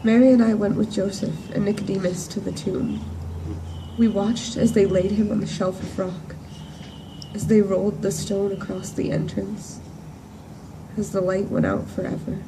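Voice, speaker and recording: A woman in a church performing a monologue as a grief-stricken woman disciple at the empty tomb. She speaks earnestly and in measured phrases, with emphatic repetitions. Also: medium pitch, flat delivery, noisy background, natural voice. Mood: sorrowful. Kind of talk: dramatic first-person monologue. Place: church service at sunrise. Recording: distant voice with faint room ambience.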